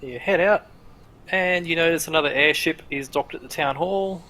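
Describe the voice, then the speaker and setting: A man's voice: fairly high pitch, moderate pace, sharp tone, rough recording. Rambling man narrating as game master. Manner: loose and rambling, full of "like" and "sort of".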